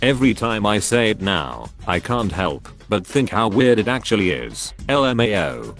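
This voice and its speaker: Man, lowish voice, scripted story narration, even steady reading, faint music bed. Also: normal speed. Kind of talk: scripted narration of online stories.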